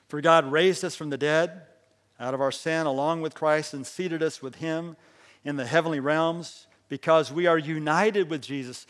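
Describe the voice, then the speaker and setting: A pastor telling a story in his sermon. He swings between hushed lines and loud, emphatic ones and leads the congregation in call and response. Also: fairly high pitch, fairly even intonation, normal speed, big-room sound.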